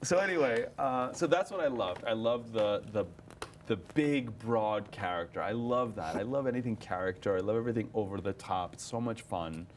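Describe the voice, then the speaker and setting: A young man, an actor, chatting in an interview about his stage roles, animated, often laughing and restarting his sentences. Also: on the low side, moderate pace, slight background noise. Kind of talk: casual interview chat.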